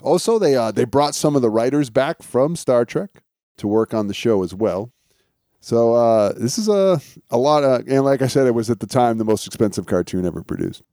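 A man co-hosting a casual podcast, relaxed as he shares trivia with small chuckles. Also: medium pitch, moderate pace, dry recording, clean studio sound. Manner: relaxed storytelling of show trivia, chuckles often. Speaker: podcast co-host.

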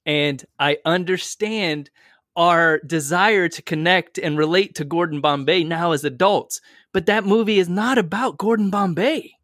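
A man in a casual podcast chat, making an earnest, deliberate argument. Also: sits high, fairly bright tone, dry recording, clean studio sound.

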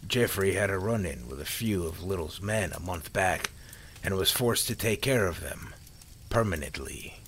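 A man narrating a story in a calm, measured reading voice. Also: low-pitched, slight background noise.

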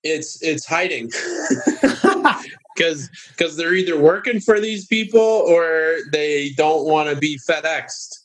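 Animated man telling a story. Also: slow. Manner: animated storyteller, mimics others in high voices. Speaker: guest. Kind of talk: casual podcast storytelling.

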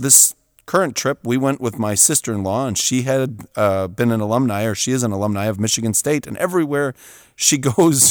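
A middle-aged man hosting a show, telling a story in an animated way and often chuckling. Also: medium pitch, no room sound, studio quality. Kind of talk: storytelling monologue.

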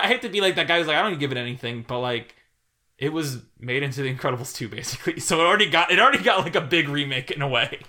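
Young man, podcast co-host, bright tone, animated and rambling, laughs easily. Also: a little high. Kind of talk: casual film podcast chat.

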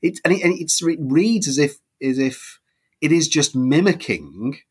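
A man's voice: a little high, lively intonation, a little slow, darkish tone, a little hiss or hum. A man hosting a panel discussion, replying in a wry, teasing manner. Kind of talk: casual academic discussion.

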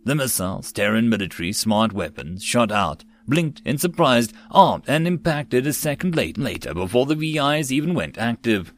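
A man narrating a web novel as an audiobook, in a steady storytelling read. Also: medium pitch, normal speed, hardly any pauses.

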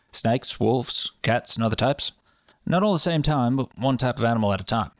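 A man's voice: mid-range voice, animated, normal speed, no echo, clean studio sound, lightly acted. A man putting on a shaky British accent. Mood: earnest. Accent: put-on British. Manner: earnest, unsure and wavering accent. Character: British man recounting a strange childhood.

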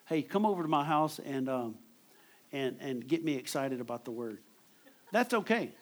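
A man's voice: medium pitch, normal speed. A man preaching a sermon in a conversational way, repeating words as he drives home his points.

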